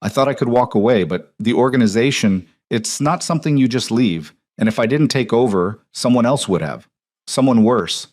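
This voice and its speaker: A man voicing a dangerous, guarded young mafia boss with a low, restrained, confessional delivery. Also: expressive, moderate pace, a little mellow, no echo, clean studio sound, close to an everyday voice.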